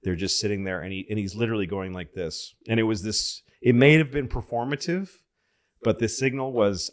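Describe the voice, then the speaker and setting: A man's voice: fairly low pitch, brisk. A middle-aged man from Massachusetts, chatting casually as a podcast guest and telling stories, acting out the people he quotes. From Massachusetts, USA. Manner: animated storyteller who acts out quoted people in raised voices. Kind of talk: casual storytelling chat.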